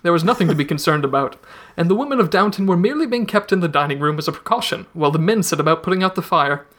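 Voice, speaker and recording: A man's voice: a little high, animated, very fast, a bit bright. A man on a podcast reading his comic story aloud in a playful, theatrical way, with shifting put-on accents.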